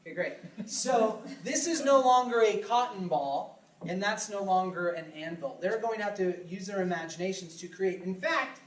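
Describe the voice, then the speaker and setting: Bubbly improv teacher hosting a live show. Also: female voice, mid-range voice, animated, normal speed. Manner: upbeat, laughing often, coaxing the audience. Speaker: improv class instructor and host. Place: theater stage before a live audience. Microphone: far room mic. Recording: echoey room, far from the mic, crowd.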